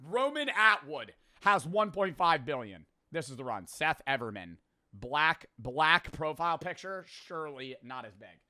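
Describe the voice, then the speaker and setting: A young man in his twenties giving excitable live commentary as he plays a game, muttering low and then shouting, swearing freely. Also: measured pace. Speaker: gaming streamer. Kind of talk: live gaming commentary to chat.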